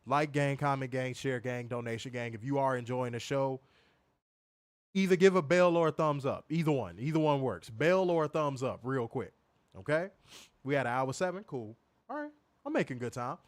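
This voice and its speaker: Expressive and mid-range, this man's voice moves at an ordinary speed as he hosts a live wrestling review, profane and casual, going over points again and reading comments from viewers. The recording is dry.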